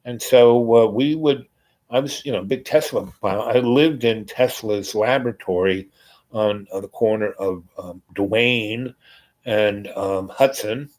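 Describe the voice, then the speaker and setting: A man's voice: fairly low pitch, a little slow, darkish tone, poor audio. A man telling a long personal story in a rambling, casual way, full of fillers and quoted exchanges. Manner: rambling, filler-heavy, voices others in quotes.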